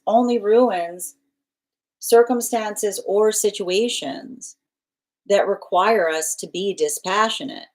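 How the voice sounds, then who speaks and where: A woman gives a live tarot reading in a mid-pitched voice. She rambles and restarts her sentences, repeats key phrases again and again, and presses each point home insistently. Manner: emphatic, insistent. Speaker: tarot reader.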